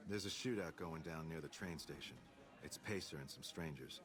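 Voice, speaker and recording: An actor playing a grim game messenger who reports urgent trouble in a grave, measured way. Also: male voice, a bass voice.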